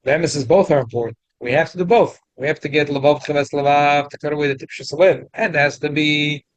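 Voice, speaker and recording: A man teaching a weekly Torah class, mixing casual English explanation with rapid readings of Hebrew text. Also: fairly high pitch, steady tone, no room sound, highs cut off.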